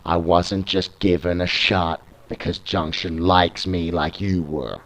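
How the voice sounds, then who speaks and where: A man's voice: low voice, steady tone, slow pace, fairly bright tone, exaggerated voice. A British man reading out the lines of a smug, boastful male wrestling contender. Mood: sneering. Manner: sneering, boastful.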